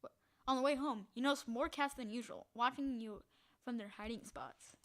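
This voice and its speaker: A woman playing a text adventure, reading the story aloud in a hushed voice and breaking into loud, excited reactions. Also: on the high side, moderate pace. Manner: reads narration quietly, bursts into loud excited reactions. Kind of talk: casual let's-play narration.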